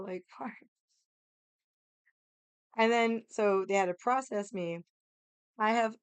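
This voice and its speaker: A young woman telling a story in an animated, casual way, laughing and swearing as she acts out every voice in it. Her voice is smooth and clear. The sound is dry and close, with no room echo. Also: mid-range voice. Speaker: vlogger.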